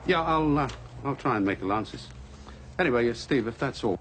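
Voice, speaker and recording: An actor playing a dry, weary middle-aged police chief in a TV drama. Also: male voice, mid-range voice, animated, a little fast, fairly bright tone, slight background noise, natural voice. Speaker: senior police officer. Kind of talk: 1980s British TV drama.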